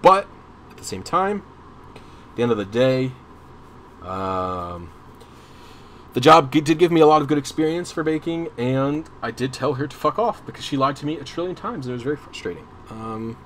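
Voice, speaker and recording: A man's voice: mid-range voice, expressive, normal speed, a bit bright, slight background noise. A young man streaming a game, telling a long personal story in a casual, rambling way with many restarts and some swearing. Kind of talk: casual storytelling while gaming.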